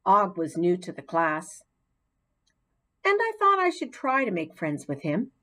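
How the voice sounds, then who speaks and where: Slow, lively woman reading a storybook. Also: on the low side. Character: cheerful talkative hamster classroom pet. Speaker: audiobook narrator. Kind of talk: storybook narration.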